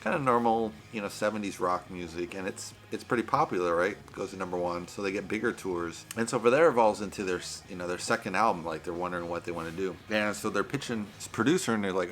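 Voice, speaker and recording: A man's voice: low-pitched, fast, few pauses, a bit bright. A man giving a casual, rambling movie review on his vlog, often saying "you know" and "right".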